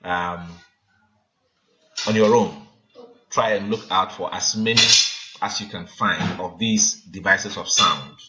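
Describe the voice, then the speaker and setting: Measured male teacher, dull lo-fi sound. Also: deep voice, bright, forceful tone. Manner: measured, hesitant, frequent ums, counts syllables aloud. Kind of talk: recorded literature lesson. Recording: dull lo-fi sound with faint noise.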